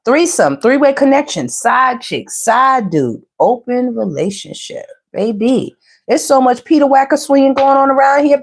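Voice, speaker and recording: A woman's voice: high-pitched, normal speed, slight background noise. Sassy woman doing a casual tarot reading. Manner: sassy, animated, slangy, talks to viewers as "baby" and "y'all". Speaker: tarot reader.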